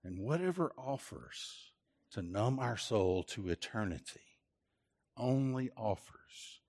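A man's voice: mid-range voice, lively intonation, slow, a little mellow, slightly rough, in a large hall. A man pastor preaching a sermon, earnest and repetitive, often restarting his phrases. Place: church.

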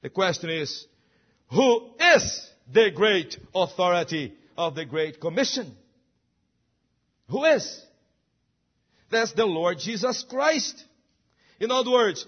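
A man's voice: high-pitched, lively intonation, slow pace, pauses often, husky, dull audio. A man preaching a sermon, emphatic and full of rhetorical questions. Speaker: pastor.

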